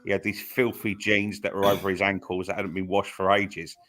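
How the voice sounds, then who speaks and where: A man's voice: deep voice, little pitch movement, fairly quick, fairly bright tone. A man on a podcast telling a long rambling story in casual chat, full of restarts and fillers. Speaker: podcast co-host.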